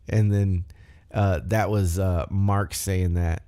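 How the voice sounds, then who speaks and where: A man's voice: low voice, fairly even intonation, takes it slowly, dark tone, clean tone, no room sound. A man hosting a podcast, recapping a show in a rambling, conversational way. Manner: rambling, conversational, loose storytelling. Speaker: podcast host. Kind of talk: casual wrestling recap.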